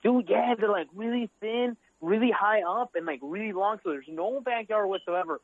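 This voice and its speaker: A man from Chicago's South Side joins a podcast as a guest, speaking in a high voice. He is animated and jokey, and he swears freely in casual banter. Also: moderate pace, phone-quality sound. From South Side of Chicago, USA.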